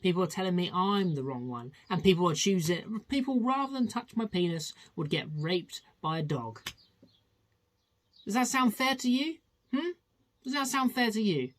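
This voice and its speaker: A man voicing a bitter, fed-up male tiger who rants his complaints in loud, repeated phrases. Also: sits high, sing-song, moderate pace, pitched above the performer's own voice. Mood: angry ranting.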